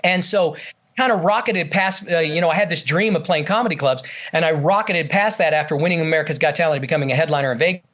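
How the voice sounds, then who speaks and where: Quick-paced and a bit bright, this man's fairly high voice belongs to a ventriloquist guest who eagerly swaps stories, full of filler words, in a relaxed interview chat.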